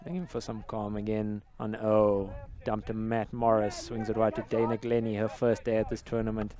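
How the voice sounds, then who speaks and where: A man doing live play-by-play commentary at an outdoor sports match, calling the action in a steady, descriptive way. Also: lowish voice, moderate pace, a crowd in the background.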